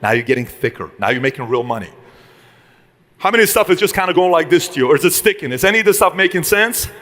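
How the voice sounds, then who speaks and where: A man's voice: fairly high pitch, lively intonation, fast talker, fairly bright tone, long reverb tail. Punchy motivational speaker, man. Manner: punchy, rhetorical questions, acts out dialogues. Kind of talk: live motivational speech to an audience.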